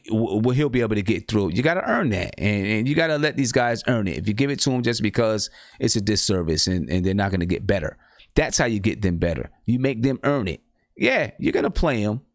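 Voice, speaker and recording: A man's voice: fairly low pitch, no room sound, clean studio sound. A man hosting a casual live-stream chat, emphatic and repeating phrases to drive points home. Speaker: podcast host.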